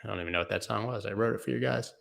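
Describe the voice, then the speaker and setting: A man with a low, gravelly voice and a bright edge hosts a loose, jokey livestream. He riffs on viewer comments in a casual, offhand way. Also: racing. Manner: joking, riffing, answering viewer comments. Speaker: host.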